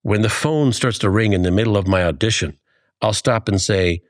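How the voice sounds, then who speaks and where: A man's voice: lowish voice, fairly quick, dry recording, clean studio sound. A man in his fifties co-hosting a podcast, telling stories in a casual chat and acting out the lines he quotes. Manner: animated storytelling, acts out quoted lines. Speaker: podcast co-host.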